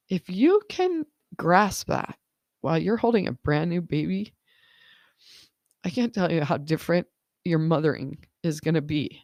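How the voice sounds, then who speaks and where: A woman's voice: on the low side, darkish tone, no echo, clean studio sound. A woman in her thirties, a life coach hosting a casual podcast monologue, encouraging and laughing often, with lots of "like" and "right?".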